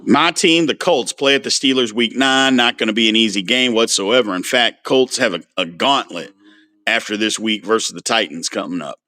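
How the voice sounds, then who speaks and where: A man hosting a casual sports livestream, animated and frustrated as he answers viewers' comments by name. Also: on the low side, normal speed. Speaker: sports talk host.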